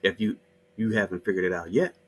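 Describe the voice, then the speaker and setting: A man's voice: sits low, steady tone, a little fast, a little hiss or hum. A middle-aged man delivering a heated, mocking monologue full of swearing. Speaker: channel host. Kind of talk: profane ranting monologue.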